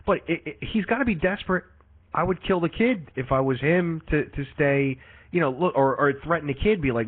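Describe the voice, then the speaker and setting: A young man hosts a casual podcast chat and retells a movie in a profane, exasperated rant. His voice is husky and sits at a middle pitch. The audio is tinny and lo-fi, much like a phone line. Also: animated, a little fast. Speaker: podcast host.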